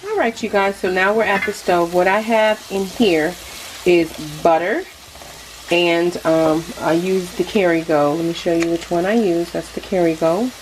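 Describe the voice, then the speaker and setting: Chatty middle-aged woman, low voice. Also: fairly even intonation, normal speed, a little hiss or hum, low-quality recording. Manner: chatty, talks straight to viewers. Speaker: cooking channel host. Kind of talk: casual cooking vlog. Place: home kitchen at the stove. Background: faint sizzling and frying.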